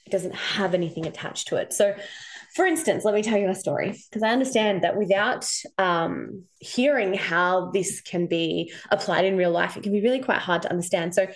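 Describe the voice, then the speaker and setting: A woman's voice: medium pitch, moderate pace. An Australian woman in her thirties, hosting a casual solo podcast as an intuition coach, telling stories and animatedly quoting herself.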